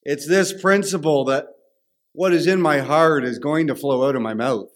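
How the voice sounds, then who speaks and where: A man's voice: fairly high pitch, moderate pace. A man preaching a sermon, emphatic and repeating phrases for stress.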